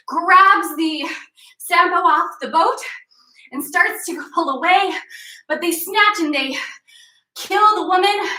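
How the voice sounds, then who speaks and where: Bright, high-voiced woman fitness instructor. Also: distant mic. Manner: energetic, playful, retelling a legend while cueing moves. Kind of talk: live workout class with storytelling. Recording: echoey room, voice off-mic.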